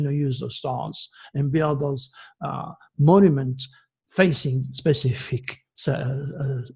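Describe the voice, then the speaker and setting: Older man, sixties, gravelly, husky, agitated preachy monologue. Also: a little high. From France. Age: 60s. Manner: agitated, preachy, swinging from loud to hushed. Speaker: astrologer host. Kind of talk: impassioned monologue.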